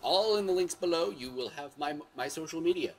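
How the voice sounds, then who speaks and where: A man's voice: on the high side, animated, a little fast. A man hosting his own video show, telling stories in a rambling, self-correcting way with sudden exclamations. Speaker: vlog host. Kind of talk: casual storytelling monologue.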